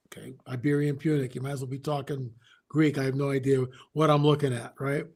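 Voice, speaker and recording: A man as an interview guest, telling a story in an animated way, often restarting his sentences. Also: medium pitch, a little fast, breathy edge. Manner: animated, re-enacts dialogue, frequent restarts.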